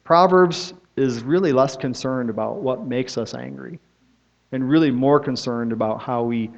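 A man's voice: medium pitch, normal speed, vocal fry. A middle-aged man, a pastor, preaching a sermon in a conversational storytelling way, often asking his listeners "right?". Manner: conversational storytelling, frequent tag questions. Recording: dull lo-fi sermon recording.

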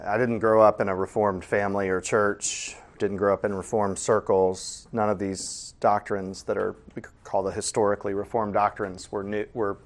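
A man teaching a casual Bible study, animated and conversational, asking the class questions. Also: on the low side.

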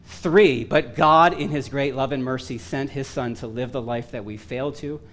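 A man preaching a sermon, earnest and emphatic with touches of self-deprecating humor, his voice going hoarse. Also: medium pitch, steady tone, moderate pace, a bit bright. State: losing his voice.

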